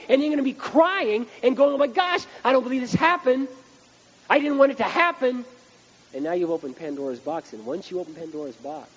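Blunt preacher man, emphatic, hissy dull tape. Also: on the high side. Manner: blunt, emphatic, rising to loud outbursts. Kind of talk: sermon. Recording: dull recording with background hiss.

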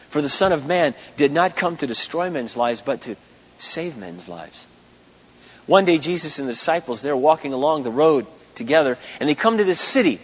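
A man's voice: a little high, breathy edge. A man from Minnesota preaching a storytelling sermon, acting out the voices in his stories. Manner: animated, acts out quoted voices, laughs at himself. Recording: muffled lo-fi recording.

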